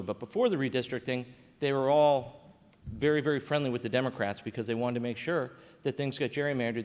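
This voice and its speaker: A man giving a conversational conference panel talk as a state coordinator, with frequent fillers and restarts. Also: medium pitch. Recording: reverberant conference hall.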